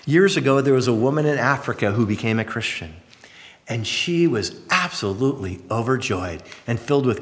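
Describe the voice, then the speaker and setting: A man preaching a sermon as pastor, telling stories with lively acted-out voices. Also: mid-range voice. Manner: animated storytelling, acting out voices. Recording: long hall reverb.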